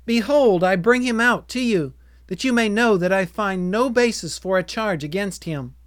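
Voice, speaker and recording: A man's voice: high voice, normal speed, no room sound, clean studio sound, pitched above the performer's own voice, natural voice. A man voicing an uneasy Roman governor in a dramatized scripture reading, in a raised, pleading tone.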